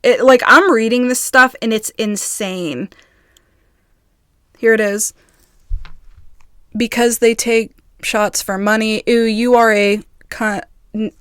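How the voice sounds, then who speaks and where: A woman vlogger in a casual video, reading messages aloud in quick bursts and breaking off in agitated, halting asides. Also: a little high, a bit bright, no room sound, clean studio sound. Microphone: phone.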